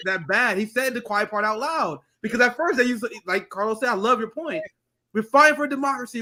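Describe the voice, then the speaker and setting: A man's voice: extremely high pitch, bright, forceful tone. A man co-hosting a political commentary show, blunt and profane as he riffs on the news. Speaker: co-host.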